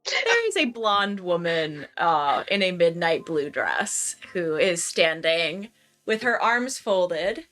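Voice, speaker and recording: A woman's voice: on the low side, sing-song, slow pace, fairly bright tone, soft background music. A woman narrating a tabletop game as game master, with a descriptive, playful storytelling manner.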